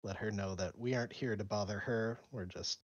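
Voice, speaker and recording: A man's voice: fairly low pitch, fairly even intonation, a little fast, no echo. A male player at a tabletop game, speaking in a hesitant, tentative way. His voice comes through a slightly dull, lo-fi mic, dry and close.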